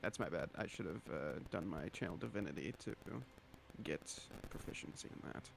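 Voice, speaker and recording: Gravelly, lively male tabletop player. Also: sits low, brisk, background noise. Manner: hesitant, full of restarts and swearing, playful. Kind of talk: casual game chat.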